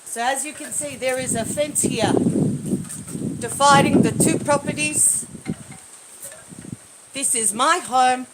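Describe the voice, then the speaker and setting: A high-pitched woman films herself on a handheld phone outdoors in her backyard. She rants and swears, swinging from loud, furious outbursts down to low, muttered asides. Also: slow pace, pauses often, noisy background. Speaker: livestreamer. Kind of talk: agitated livestream rant.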